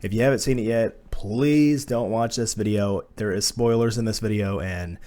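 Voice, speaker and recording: A man's voice: on the low side, normal speed, dark tone. A man giving a casual spoken movie review, blunt and profane, slipping into exasperated rants.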